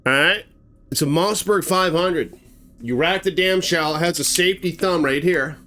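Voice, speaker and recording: A man's voice: on the high side, moderate pace, bright, forceful tone. A man telling a gruesome story in a casual spoken way, acting out sound effects and swearing freely. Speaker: storyteller host.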